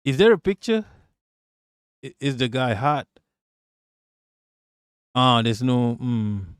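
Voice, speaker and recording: A man's voice: mid-range voice, big pitch swings, slow pace, smooth, no room sound, studio quality. A man streaming live, joking crudely and rambling as he reacts to clips. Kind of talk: casual live-stream commentary.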